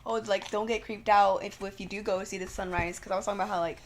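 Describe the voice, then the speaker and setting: A woman's voice: mid-range voice, fairly even intonation, quick pace, a little hiss or hum. A woman, co-hosting a podcast, chatting casually in a rambling way full of "like". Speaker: podcast co-host. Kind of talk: casual chat.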